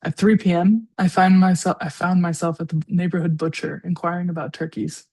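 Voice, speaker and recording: A woman's voice: on the low side, little pitch movement, a little fast, a little mellow, slightly rough. A woman in her forties, a guest writer, reading her own personal essay aloud with a tender, darkly funny touch. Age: 40s.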